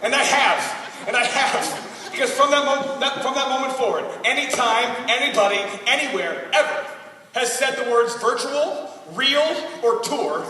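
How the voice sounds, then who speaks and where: A high, bright young man tells a comic story to teens, shouting his punchlines and mocking himself. He is heard from far off in a big hall with long echo. A faint crowd and room noise sit behind him. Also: normal speed. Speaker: youth speaker. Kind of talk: energetic comic youth talk. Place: large hall. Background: teen audience.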